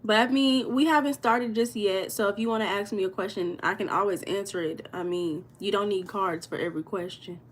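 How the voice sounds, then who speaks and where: A woman's voice: mid-range voice, brisk, few pauses, slight background noise. An American woman hosting a casual live stream, greeting viewers by name and answering their comments. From United States. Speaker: livestream host reading viewer comments.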